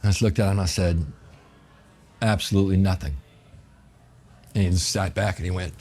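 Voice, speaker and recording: A middle-aged man from New Orleans spins a long story in a low, deep voice, with a New Orleans accent. He rambles and swears freely and fills every pause with "you know" and "I'm like.". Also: steady tone, warm tone. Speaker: chef telling his story as a guest. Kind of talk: casual storytelling.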